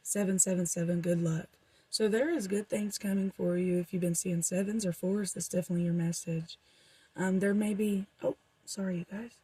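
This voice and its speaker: A woman's voice: mid-range voice, steady tone, normal speed, warm tone, slightly rough, dry recording, rough recording. A young woman doing a casual, rambling tarot reading for her viewers, with frequent fillers. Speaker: tarot reader.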